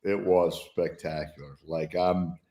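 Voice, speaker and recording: Brief: male sports guest, low voice, keen and reflective, heard in a roomy space. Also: steady tone, measured pace, warm tone. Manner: enthusiastic, reflective. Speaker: guest football analyst. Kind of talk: casual sports talk.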